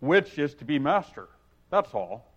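A man voicing a pompous, scornful talking egg, with loud, lordly emphasis. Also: on the high side, sing-song, measured pace, breathy edge, full character voice. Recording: dull lo-fi recording.

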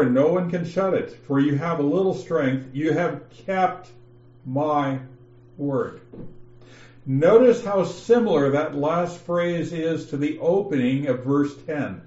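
A man teaching a Bible lesson, slowly reading passages aloud and explaining them step by step. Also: fairly high pitch, dark tone, reverberant, muffled recording. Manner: slow, methodical, reads passages aloud with emphasis. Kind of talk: scripture lesson over an online call.

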